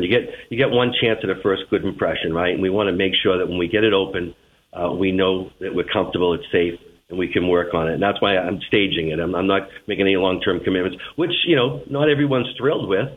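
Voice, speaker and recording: A man with a Boston accent, a transit manager being interviewed on radio, speaking in a plain, measured way. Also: low voice, slight background noise. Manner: plain-spoken, measured, repeats words at starts. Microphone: phone. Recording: phone line.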